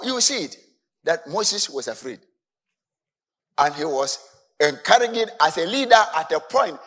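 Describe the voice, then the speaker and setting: A male preacher delivers his sermon in a fairly high, very lively voice. He drops into soft asides, then climbs to shouted emphasis.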